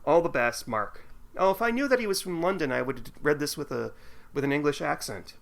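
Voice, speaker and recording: Bright-voiced man co-hosting a podcast. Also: on the high side, very animated, fast talker, creaky. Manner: reads listener mail aloud with asides. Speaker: podcast co-host. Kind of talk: casual chat.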